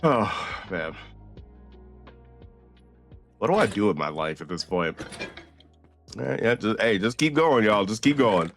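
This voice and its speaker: A man's voice: lowish voice, animated, a little slow, pauses often, fairly bright tone, soft background music. A tired man giving casual, rambling commentary while he streams a game, laughing often and swearing.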